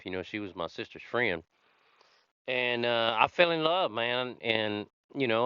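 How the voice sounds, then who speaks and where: Rambling and conversational, with plenty of fillers, a podcast host talks through his own recovery. He has a lowish, sharp, smooth voice, and the dry recording has a slightly dull lo-fi sound.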